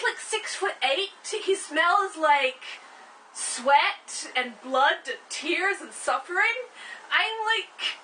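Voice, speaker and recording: A woman doing a squeaky, whiny young man. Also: bright, forceful tone, recorded from a distance, a little hiss or hum, exaggerated voice, poor audio. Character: fussy, well-groomed young man, anxious and incredulous.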